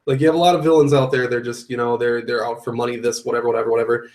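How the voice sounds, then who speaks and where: A man in relaxed podcast talk who turns an idea over and circles back to his main point again and again. His voice is of ordinary pitch, easygoing and thoughtful. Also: very fast. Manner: reflective, repeats his point for emphasis. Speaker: podcast co-host. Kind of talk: casual chat.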